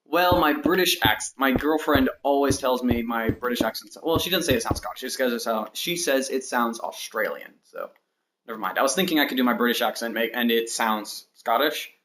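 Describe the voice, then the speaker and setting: A medium-pitched man in his early twenties speaks a little fast as he streams a building game, chatting casually and rambling between tasks. He thinks aloud and counts blocks under his breath. Clicks and background noise are noticeable in the recording.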